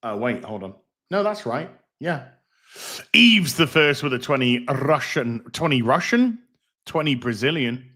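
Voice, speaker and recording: A man's voice: medium pitch, sing-song, unhurried, bright, forceful tone. A middle-aged man hosting a casual livestream, rambling, reading out donations and swearing freely. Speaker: livestream host.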